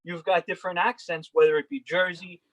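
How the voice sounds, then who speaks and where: A man's voice: high-pitched, little pitch movement, brisk, a bit bright, no room sound, poor audio. A man on a livestream panel, chatting in a rambling way and often restarting his sentences. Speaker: panel guest. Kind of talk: casual panel chat.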